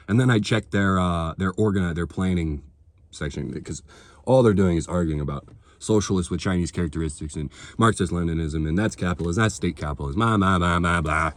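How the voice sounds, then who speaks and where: A man's voice: low-pitched, a little fast, no room sound. A man delivering a heated, sarcastic political rant to his viewers, swearing freely. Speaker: political vlogger. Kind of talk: ranting monologue to camera.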